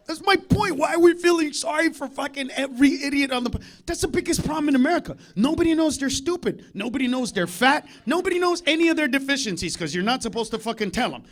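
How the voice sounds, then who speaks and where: A man doing live stand-up comedy, ranting loudly and brashly with lots of profanity. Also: extremely high pitch, lively intonation, quick pace, few pauses.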